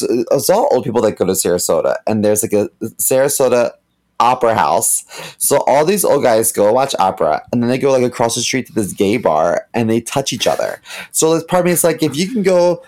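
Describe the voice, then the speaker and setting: A man talks in a loose, rambling way, with deadpan jokes thrown in. His pitch moves a lot as he goes. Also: normal speed. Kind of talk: casual chat.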